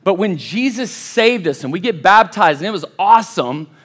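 Chatty pastor, fairly high voice. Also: male voice, expressive, normal speed, fairly bright tone, breathy edge. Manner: chatty and self-deprecating, addresses crowd as y'all. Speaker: college pastor. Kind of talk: casual sermon. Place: church service.

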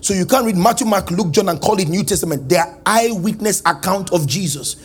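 A male pastor preaching a church sermon, calling the congregation to repeat after him and swinging from a sing-song lilt into shouting. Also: high-pitched, fairly quick, husky. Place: church service.

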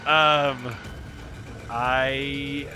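A man's voice: mid-range voice, little pitch movement, very slow, pushed and bright, soft background music. A man playing along in an improvised horror game, joking, rambling, and letting out mock-panicked yelps. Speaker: player. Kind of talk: casual improvised game play.

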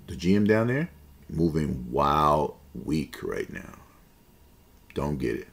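A man in his forties hosting a basketball podcast, opinionated and conversational, with slang asides. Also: low-pitched. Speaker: podcast host. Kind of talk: casual basketball commentary.

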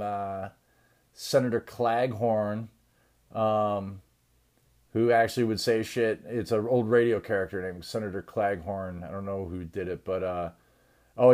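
With a darkish tone, this man rants on his podcast in a rambling, crude, comedic way. Constant swearing fills the rant, and he frequently trails off into low mumbling.

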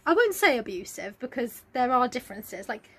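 A young woman in casual chat, talking fast and acting out lines from a story. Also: on the high side, very animated, fairly bright tone, husky.

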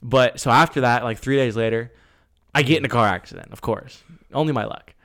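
A man's voice: medium pitch, a little fast. A young man co-hosting a podcast, chatting casually and getting worked up as he retells his stories. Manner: animated storyteller, gets heated retelling. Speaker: podcast co-host. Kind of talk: casual chat.

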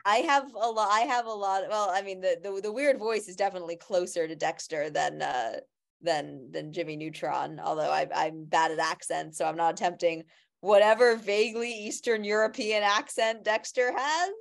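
A woman's voice: medium pitch, moderate pace, creaky. A woman co-hosting a casual podcast chat, talking in a rambling way with many restarts and fillers. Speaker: podcast co-host.

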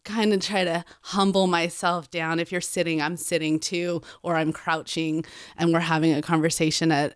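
Low-voiced candid woman, dry sound. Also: clean tone, no room sound. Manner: candid, animated, acts out quotes. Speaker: guest, program director. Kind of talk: casual conversation.

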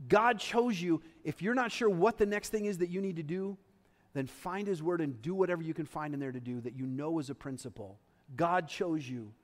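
A male pastor preaching a sermon in a conversational, emphatic way, with quick asides to the congregation. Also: a little high, big-room sound.

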